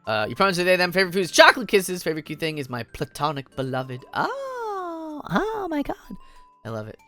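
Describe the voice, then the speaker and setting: A man's voice: a little high, expressive, racing, bright, forceful tone, soft background music. A young man live-streaming a game, playful and giggly, chatting with his viewers.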